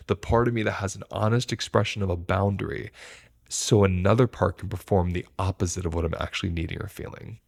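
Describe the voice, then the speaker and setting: A man's voice: fairly low pitch, creaky. A man teaching about stress responses to camera, reflective and earnest, explaining with everyday examples from his own life. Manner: earnest, speaks from personal experience.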